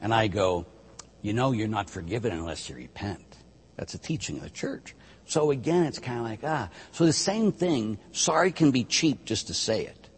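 A man, a priest, teaching on a talk show in an emphatic, animated way and acting out what penitents say. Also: on the low side, normal speed, husky. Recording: long hall reverb.

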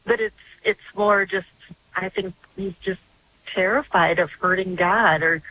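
A woman's voice: lowish voice, steady tone, unhurried, pushed and bright, a little hiss or hum, poor audio. An older woman calling in to a radio show by phone, telling her story in a chatty, earnest way with many restarts. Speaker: caller. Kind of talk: call-in radio chat. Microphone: phone line.

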